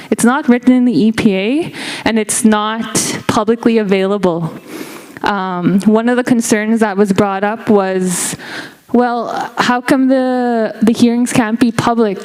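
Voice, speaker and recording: Earnest young woman, fairly high voice. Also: a little mellow, rough recording. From Canada. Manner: earnest, emotional, searching for words. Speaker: community member speaking at a band meeting. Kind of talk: impassioned public address.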